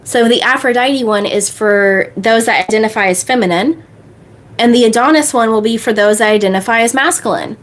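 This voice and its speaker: A woman coach answering viewer questions on a livestream in a bubbly, fast way. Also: on the high side. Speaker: manifestation coach.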